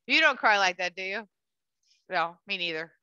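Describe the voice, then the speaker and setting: A woman hosting a live educational bird show for children, chatty and animated, cooing at the bird and talking to the audience. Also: mid-range voice, normal speed, clean tone, no echo. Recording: dull lo-fi dry sound.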